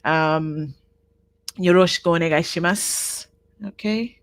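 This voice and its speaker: Woman teacher on a live class, goes slow, repeats stuff, dry close mic. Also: on the low side, animated, no echo. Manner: slow, patient, repeats words for learners. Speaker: online Japanese teacher. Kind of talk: live online language class.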